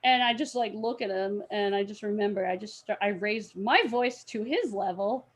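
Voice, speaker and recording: As an interview guest, a young woman tells a story, acting out the people she quotes with loud outbursts and laughter. Her voice is medium-pitched and her pace normal.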